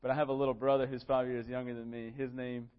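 A man's voice: medium pitch, little pitch movement, fast talker, smooth, muffled recording. A man in his twenties preaching a sermon in a church, reading scripture and telling stories with earnest, self-deprecating humor. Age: 20s. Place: church sanctuary.

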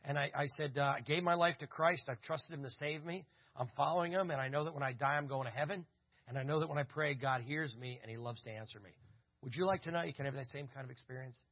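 A man's voice: medium pitch, fast. A man speaking at a church conference, telling stories in a sermon and acting out what people said. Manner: animated storyteller acting out dialogue. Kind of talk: storytelling sermon. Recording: dull lo-fi audio.

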